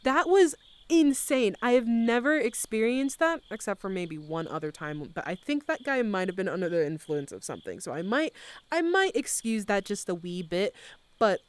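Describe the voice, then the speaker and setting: A woman's voice: a little high, big pitch swings, moderate pace, clear, resonant tone. A young woman live streamer in loose, casual chat. She tells stories animatedly, swears freely, and scatters filler words through every sentence.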